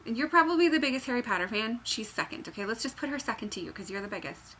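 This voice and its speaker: Bubbly young woman with a bright voice. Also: fairly high pitch, animated, quick pace, slight background noise. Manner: bubbly, rambling, jokey, with sudden squeals and whispered asides. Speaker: knitting pattern designer. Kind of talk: chatty craft tutorial vlog. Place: home room by a fireplace.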